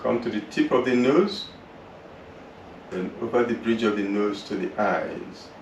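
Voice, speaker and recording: A man teaching yoga, guiding a slow relaxation through the body and then breathing practice in a soothing, unhurried way. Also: fairly low pitch, lo-fi sound. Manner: slow, soothing, drawn-out guidance. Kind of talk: guided relaxation and yoga instruction. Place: yoga class room. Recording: roomy, distant mic with faint noise.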